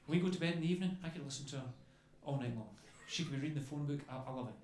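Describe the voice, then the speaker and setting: A man with a somewhat high, slightly mellow voice races through a rambling, chatty stand-up set on a club stage, ending lines with "okay?" and "you know." The club room sounds echoey, with faint noise.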